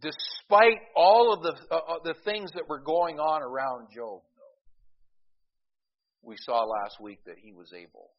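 A man's voice: a little high, a little slow. A man preaching a sermon as pastor, calling out to the congregation for an amen between points. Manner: calls out "amen?" to the congregation, emphatic rises. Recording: dull lo-fi recording.

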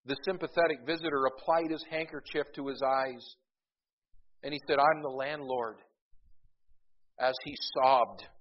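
A man preaching a sermon in a conversational way, often repeating words as he goes and swelling louder for emphasis. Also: mid-range voice, steady tone, normal speed, slight background noise. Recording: dull, lo-fi recording.

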